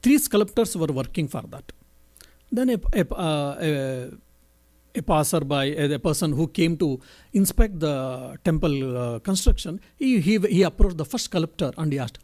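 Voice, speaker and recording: Monk speaker, high-pitched man, gentle halting teacher giving a spiritual talk. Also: lively intonation. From India. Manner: halting, self-correcting, gentle storytelling. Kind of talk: answering a question in a spiritual talk.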